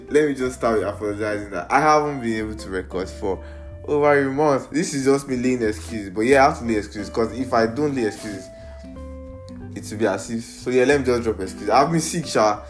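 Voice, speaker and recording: A young man with a Nigerian accent hosting a casual solo podcast, playful and rambling, mixing in pidgin slang, recorded on an iPad. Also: medium pitch. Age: young adult. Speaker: podcast host.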